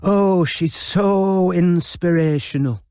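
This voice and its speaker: A man voicing a bold, cheery young woman who gushes in an audiobook, pitching his voice well up. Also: very animated, brisk, darkish tone, no room sound, studio quality. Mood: gushing.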